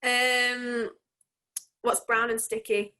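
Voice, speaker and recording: A woman's voice: on the high side, little pitch movement, drawn-out words, pushed and bright. A woman in her twenties, a children's entertainer, chatting casually and giggling between answers in an interview. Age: 20s.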